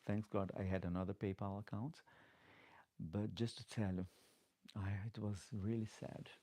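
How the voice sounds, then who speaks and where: Gravelly low-voiced man chatting on a live stream. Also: steady tone, normal speed, warm tone, no room sound. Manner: rambling, talks in restarts, slightly broken English. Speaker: drag performer hosting a live Q&A. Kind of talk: casual live-stream chat, reading viewer comments. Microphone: desk microphone.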